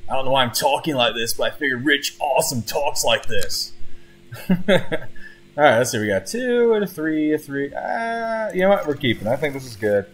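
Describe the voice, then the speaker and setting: A man's voice: mid-range voice, very animated, moderate pace, fairly bright tone. A man giving casual live commentary on his own card game, chatting to his opponent as he plays. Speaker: gameplay commentator.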